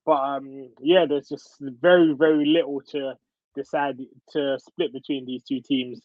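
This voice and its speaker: A man's voice: medium pitch, a little slow, no room sound. Man on a dull, dry podcast line. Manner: relaxed, says "like" and "man". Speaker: podcast guest. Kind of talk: casual sports chat.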